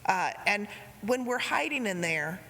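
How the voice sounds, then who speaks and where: A woman preaching a sermon, retelling a story in a gentle way, with quoted lines spoken softly. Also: mid-range voice, animated, a little slow. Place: church sanctuary. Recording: reverberant church hall.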